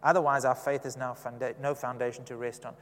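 A man's voice: medium pitch, flat delivery, fast, in a large hall, a little hiss or hum. A man preaching a sermon in a conversational way, often asking the congregation questions.

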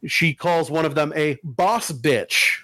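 A man's voice: a little high, slow, bright, forceful tone, no echo. A man hosting a casual podcast chat, rambling and profane, with many restarts.

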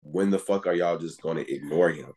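A man's voice: a bass voice, brisk, darkish tone, slightly rough. A man co-hosting a podcast in casual chat, rambling and repeating fillers like "it's just like" and "you feel me". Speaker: podcast co-host.

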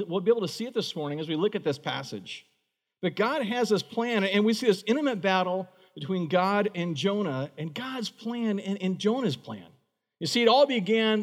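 A high-voiced man preaches in an easy, conversational way. He slips into acted voices for the people he quotes, jumping well up in pitch. His voice rings with the long reverb of a church hall. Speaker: pastor. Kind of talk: sermon.

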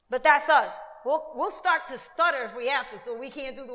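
High bright lady pastor preaching, lots of voices n asides, big hall echo. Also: fairly quick, few pauses. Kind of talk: sermon.

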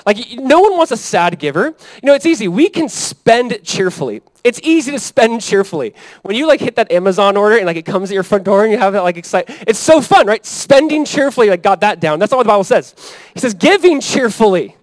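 A man in his thirties preaching a sermon as pastor, in a conversational, animated way that often checks in with the congregation. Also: sits high, brisk, dry recording, rough recording. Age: 30s. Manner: conversational, animated preaching with frequent "right?" and "Amen?".

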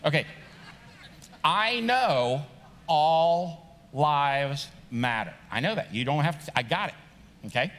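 With a fairly high, bright and forceful voice that swings widely in pitch, a middle-aged pastor preaches at a moderate pace, pausing often. He's conversational and joking, pushing toward emphatic rising points amid the long reverb of a large church sanctuary.

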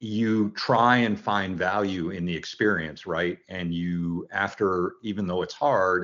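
A man in his sixties, a football coach, telling his story in an earnest, reflective way as an interview guest. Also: deep voice. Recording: dull lo-fi sound.

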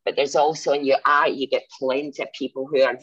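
Low husky woman, earnest and rambling. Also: little pitch movement, quick pace, a bit bright, no room sound. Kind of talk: casual opinionated talk. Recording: dry, dull recording.

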